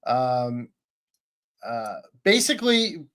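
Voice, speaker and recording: A man's voice: medium pitch, sing-song, drawn-out words, fairly bright tone, clean tone. A man co-hosting a podcast, chatting bluntly and eagerly about anime, swearing freely. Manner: enthusiastic, profane, blunt. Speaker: podcast co-host. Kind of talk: casual chat about anime.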